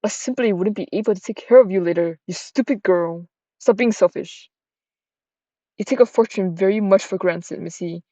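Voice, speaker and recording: A woman's voice: medium pitch, normal speed, warm tone, no echo, highs cut off, lightly acted. A woman voicing a stern, bitter widowed mother who scolds her grown daughter harshly. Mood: scolding.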